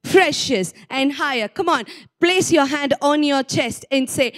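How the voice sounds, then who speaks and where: A woman's voice: high voice, unhurried, a bit bright. A woman preaching a sermon, earnest and rising to fervent exhortation.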